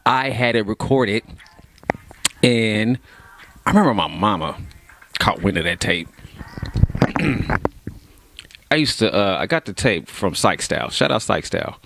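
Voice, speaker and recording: A man's voice: on the low side, lively intonation, unhurried, vocal fry, long pauses, fairly bright tone, a little hiss or hum. A man rapper from Kansas City telling loose, laughing stories full of slang and cursing. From Kansas City, Missouri, USA. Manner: laid-back, laughing, heavy slang and cursing. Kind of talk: casual profane storytelling.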